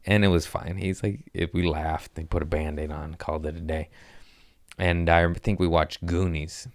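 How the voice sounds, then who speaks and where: Recorded in a clean studio with no room sound, this deep-voiced man talks at a moderate pace. In his thirties, he hosts a comedy podcast where he spins crude, profane stories casually and performs the characters' voices himself.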